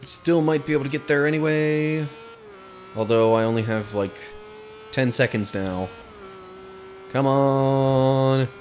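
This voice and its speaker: A man's voice: mid-range voice, normal speed, slight background noise. Chatty man narrating a racing game. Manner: chatty, laughs easily, excitable while driving. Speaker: gaming channel host. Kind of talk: casual let's play commentary.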